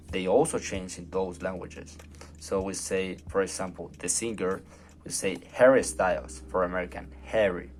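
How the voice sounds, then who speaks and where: A man with a Colombian Spanish accent, a native Spanish speaker, giving a hesitant class presentation with many fillers and restarts. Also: low voice. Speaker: student presenter.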